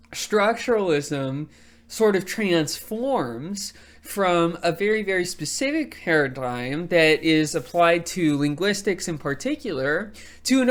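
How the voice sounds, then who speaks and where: Slow, relaxed Texan lecturer. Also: medium pitch. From Texas. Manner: relaxed, thinking aloud with many fillers and tag questions. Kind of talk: casual academic lecture.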